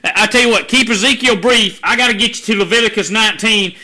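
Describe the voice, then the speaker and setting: A man hosting a talk show, steering his guest along in a hurried, repetitive way. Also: sits high, sharp tone. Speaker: host.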